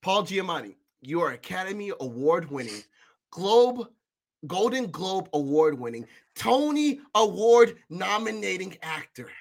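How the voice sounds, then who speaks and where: High, lively, gravelly-voiced man ranting. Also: unhurried. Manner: loud, laughing, profane ranting. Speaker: podcast co-host. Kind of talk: casual movie review chat.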